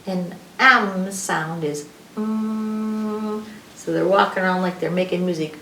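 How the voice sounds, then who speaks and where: A woman librarian reading alphabet rhymes to young children in a slow, sing-song way, sounding out each letter, recorded from a distance in an echoey room. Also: mid-range voice, sharp tone, slight background noise.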